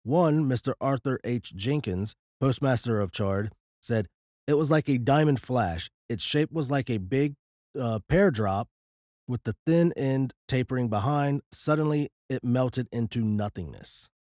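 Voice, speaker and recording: Mellow-toned podcast co-host man. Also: medium pitch, unhurried, dry recording, clean studio sound. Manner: relaxed, reads documents aloud. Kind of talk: casual chat.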